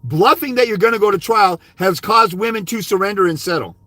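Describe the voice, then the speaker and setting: Blunt, berating high-voiced man. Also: brisk, fairly bright tone, dry recording. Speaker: fathers' rights consultant. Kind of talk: ranting livestream monologue.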